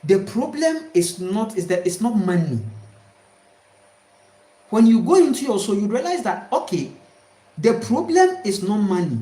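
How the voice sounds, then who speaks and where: Brief: woman preacher, drawn-out unhurried delivery, fairly high voice. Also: sing-song, mellow. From Ghana. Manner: emphatic, repetitive, preaching. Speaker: spiritual speaker. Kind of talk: spiritual talk to viewers. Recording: roomy echo.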